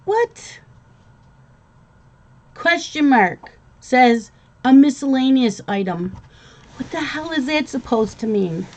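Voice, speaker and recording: A woman's voice: high voice, animated, unhurried, a little mellow. A woman hosting a casual live stream, chatting with viewers and calling to her pets.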